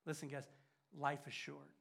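An older man preaching a sermon, swinging from loud urgent emphasis to hushed, near-whispered lines. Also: on the high side, completely flat delivery, moderate pace, gravelly, slightly rough.

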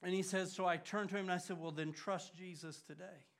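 An older man preaching a sermon, swinging from loud urgent emphasis to hushed, near-whispered lines. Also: high voice, fairly even intonation, a little fast, creaky.

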